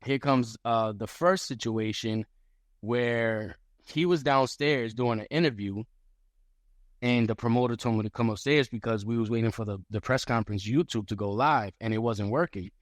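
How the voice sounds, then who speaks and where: A man on a podcast as a guest fighter, telling a story in casual chat, animated and profane, acting out what others said. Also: mid-range voice, moderate pace, no echo, clean studio sound. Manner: animated, profane, acts out quotes.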